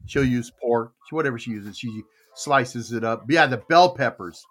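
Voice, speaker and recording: A man's voice: medium pitch, normal speed, fairly bright tone. A man on a morning show, talking about food in a folksy, rambling way with lots of fillers. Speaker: co-host. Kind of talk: casual morning show chat.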